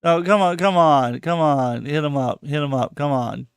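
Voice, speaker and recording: Male podcast host, heated profane rambling delivery, crisp tone, dry sound. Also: on the high side, normal speed, dry recording. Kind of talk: casual live podcast chat.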